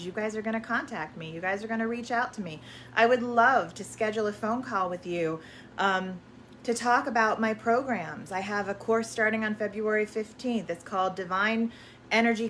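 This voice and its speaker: A woman's voice: mid-range voice, a bit bright, slight background noise. A woman spiritual energy coach in casual promotional chat, effusive and affirming, often repeating herself and using uplifting self-help language.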